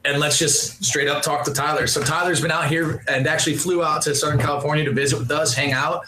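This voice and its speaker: Podcast host guy, kinda high bright voice, joking around, room echo + faint hiss. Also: steady tone, fast talker. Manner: joking, hype-style banter. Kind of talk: casual podcast chat. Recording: echoey room.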